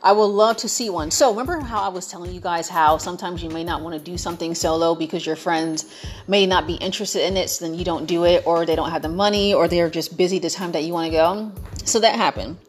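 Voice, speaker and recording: A woman's voice: fairly low pitch, quick pace, faint music behind. A young American woman chatting to her viewers in a playful, emphatic way, piling up repetitions for effect. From United States. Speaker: vlogger. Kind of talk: casual chat to viewers.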